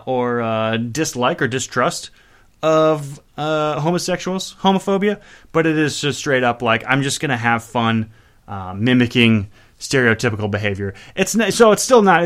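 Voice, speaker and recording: A man rambles his way through a song introduction with loose, profane, self-mocking chat. He sits at a middling pitch and keeps a relaxed, offhand show-host delivery. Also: normal speed. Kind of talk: casual chat introducing songs.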